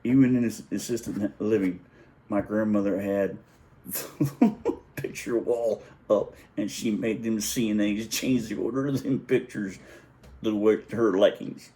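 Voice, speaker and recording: A man's voice: on the low side, fairly even intonation, measured pace, dark tone. A middle-aged man telling a family story in a casual, rambling way, often correcting himself and chuckling as he goes. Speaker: vlogger.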